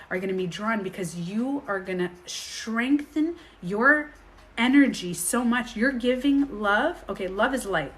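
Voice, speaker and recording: A woman with a mid-range voice gives a casual coaching talk as a healing coach, animatedly acting out inner voices as she reads and answers viewer questions.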